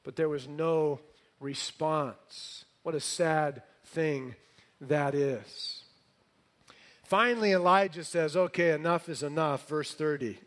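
A middle-aged male pastor delivers a sermon with a slightly high voice. He reads scripture dramatically and tells the story with animated, sarcastic humor. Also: takes it slowly.

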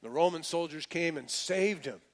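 Casual storytelling male preacher, fairly high voice. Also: moderate pace. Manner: casual storytelling with slang and restarts. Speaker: pastor. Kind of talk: sermon.

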